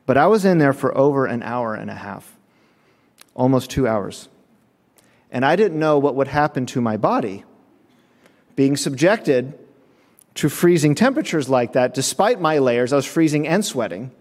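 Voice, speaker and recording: A man preaching a sermon, telling a personal story with emphatic, animated delivery. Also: medium pitch, moderate pace, in a large hall. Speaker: pastor.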